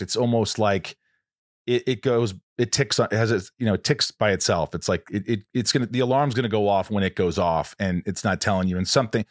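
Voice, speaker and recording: Low-voiced man hosting a chat. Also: dry recording, studio quality. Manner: earnest, rambling, many restarts. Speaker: podcast host. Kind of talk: casual interview chat.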